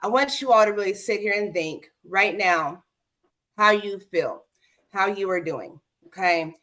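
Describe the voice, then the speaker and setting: A woman's voice: mid-range voice, unhurried, pushed and bright. Woman host, casual livestream chat, speaks straight to her viewers. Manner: addresses viewers directly, keeps asking "okay?".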